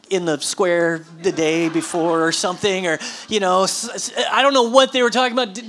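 A woman preaching a sermon, telling a scripture story in a lively, animated way with questions to the congregation. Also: on the high side. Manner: animated storytelling with audience prompts and laughter.

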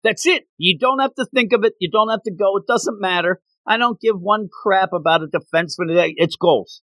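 A man voicing a brash, egotistical male soccer coach who speaks loudly, emphatically and dismissively. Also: medium pitch, normal speed, no room sound, close to an everyday voice. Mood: emphatic.

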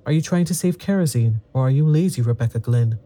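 An impatient woman snaps briskly at her sisters, as a man reads her lines. The voice stays dark and mellow. It is a storybook reading. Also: mid-range voice, expressive, natural voice. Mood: scolding. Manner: brisk, scolding. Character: impatient middle-aged woman, sharp-tongued.

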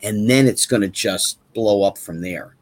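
A man's voice: on the low side, measured pace. A man talking as a guest in a casual chat, emphatic and repetitive, firing off rhetorical questions.

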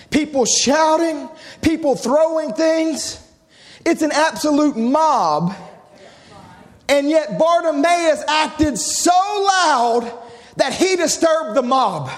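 Impassioned preacher shouting his exhortation. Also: extremely high pitch. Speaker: pastor. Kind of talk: fiery sermon.

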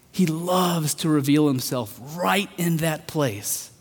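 A man's voice: on the high side, slow pace, hardly any pauses, slightly rough. Earnest preacher man in a reverberant hall. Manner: earnest, building to emphatic peaks then dropping soft. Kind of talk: sermon.

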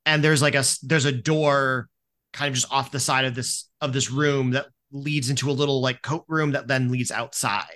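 Guy game-mastering a spooky tabletop game, bright clear voice, lots of likes and ums. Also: medium pitch, fairly even intonation, normal speed. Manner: casual, filler-heavy narration.

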